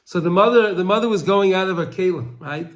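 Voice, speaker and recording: Teaching a Torah lesson through a story, a man speaks emotionally, stumbling over repeated words and crying out the pleas of the story's people. His voice is high and fairly quick.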